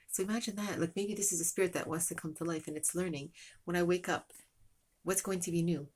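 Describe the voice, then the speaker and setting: Breathy, low woman rambling through a story. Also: steady tone, quick pace, a little mellow. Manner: rambling and meandering, many fillers. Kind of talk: casual spoken storytelling lesson.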